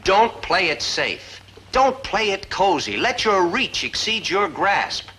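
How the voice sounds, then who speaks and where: An actor playing a long-suffering high school teacher who lectures in a lofty, drawn-out way. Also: male voice, very animated, bright, forceful tone, slight background noise, full character voice, poor audio. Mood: lecturing. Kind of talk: 1950s sitcom acting.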